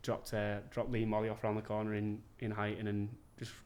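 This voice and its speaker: A man's voice: fairly low pitch, monotone, brisk, a little mellow. A man, telling stories as a podcast guest in a laid-back, sweary way. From England. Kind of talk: casual chat.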